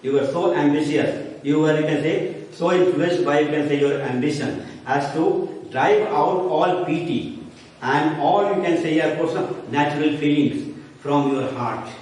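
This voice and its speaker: A man's voice: fairly high pitch, a little slow, a little mellow. A male teacher explains a play line by line in a classroom lecture, leaning on the filler "you can say" as he paraphrases. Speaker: English teacher. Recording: very echoey, distant, faint hiss.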